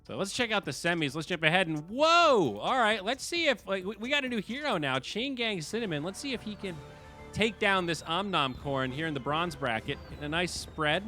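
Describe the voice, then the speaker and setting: A man hosting a game stream, chatting casually and excitably, swearing and laughing at his losses. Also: sits high, moderate pace, faint music behind. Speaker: stream host and commentator.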